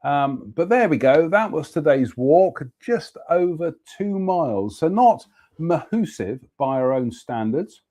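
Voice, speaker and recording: A man's voice: a little high, very animated, slow pace, warm tone. A man, chatting casually as host about a walk and a beer, then reading out a ghost story. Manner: chatty, exclamatory, reads labels aloud.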